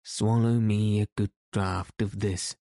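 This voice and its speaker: A man voicing a gruff, commanding, vengeful middle-aged knight in archaic speech. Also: fairly low pitch, level tone, slow pace, dark tone, dry recording, clean studio sound. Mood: hearty.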